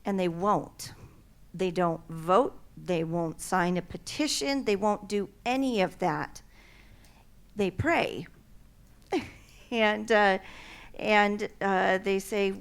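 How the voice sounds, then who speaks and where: Woman from the floor, halting, clear voice, slow. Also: medium pitch. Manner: hesitant, with many fillers. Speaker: audience member asking a question. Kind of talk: question from the floor. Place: church hall.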